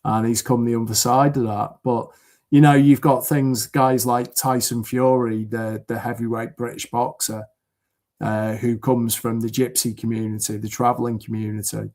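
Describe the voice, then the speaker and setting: A man's voice: mid-range voice, flat delivery, normal speed, darkish tone. A man from the UK, a podcast guest, talking in an earnest, rambling way with many fillers over a video call. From United Kingdom. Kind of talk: casual chat.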